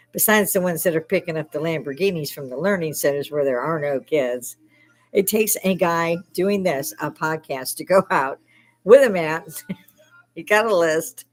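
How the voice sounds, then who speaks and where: An older woman hosting a casual livestream from her bar, swearing freely and breaking into laughs often. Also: on the low side. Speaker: livestream host.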